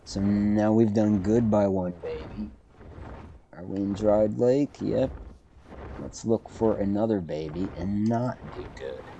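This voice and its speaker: A man's voice: lowish voice, takes it slowly, warm tone, highs cut off, slight background noise. A man streaming a game, telling a rambling story with dry humor and frequent self-corrections. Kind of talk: casual storytelling while streaming.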